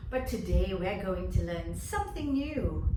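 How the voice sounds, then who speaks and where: Woman, kindergarten drama teacher, slow deliberate pace, clear encouraging delivery, distant mic, echoey room. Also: mid-range voice, animated, background noise. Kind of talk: children's online lesson.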